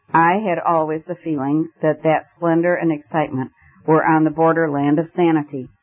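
A man reading a story aloud in a measured, expressive narration. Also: fairly high pitch. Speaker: audiobook narrator. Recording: dull lo-fi recording.

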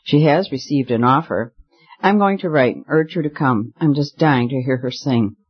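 A man's voice: medium pitch, normal speed, slightly rough, natural voice. A man voicing a spoiled, bored rich young woman who talks carelessly and with petulance, in a slightly muffled recording. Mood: petulant.

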